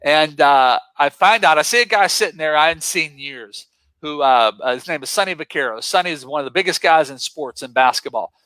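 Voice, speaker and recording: A man's voice: on the high side, brisk, dry recording, rough recording. Fired-up man telling punchy stories. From western Pennsylvania, US. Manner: excitable, punchy, emphatic. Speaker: guest motivational speaker. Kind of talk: energetic storytelling.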